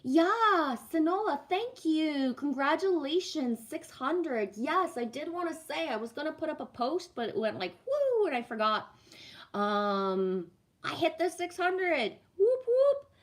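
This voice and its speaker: With a high-pitched, unhurried voice full of big pitch swings, a woman from Canada reads cards live. She chats loosely, swears a lot, and replies to what viewers write.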